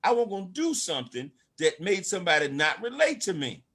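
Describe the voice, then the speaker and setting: A man's voice: sits high, very animated, fairly quick, a bit bright. An older man giving an emphatic, preachy motivational talk to an online audience as a network marketing speaker. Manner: preachy, emphatic, calls out to listeners.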